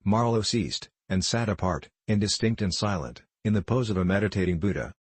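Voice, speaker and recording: A man reading the closing narration of a novel in a slow, grave way. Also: on the low side, breathy edge, dry recording. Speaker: audiobook narrator. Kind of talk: scripted narration.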